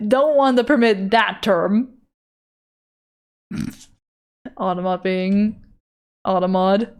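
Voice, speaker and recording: A woman's voice: mid-range voice, extremely slow, pauses often. A woman streamer talks casually to her audience while she draws, swearing freely and riffing on whatever chat brings up. Her delivery is loose and unpolished, the easy patter of someone half-focused on the canvas. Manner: loose and profane, answering chat while drawing. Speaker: art streamer reading chat.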